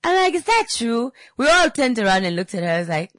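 A woman in her thirties teaching a casual lesson, telling a lively anecdote with acted-out voices and slangy asides. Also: fairly high pitch, a little fast, few pauses, no echo. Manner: animated storyteller, acts out voices, slangy asides.

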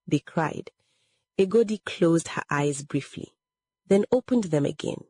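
A woman narrates a dramatic story slowly and deliberately, in a low, husky voice. Her pitch rises and falls a great deal, and the recording is dry and close. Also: animated, mellow, no echo. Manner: dramatic, measured.

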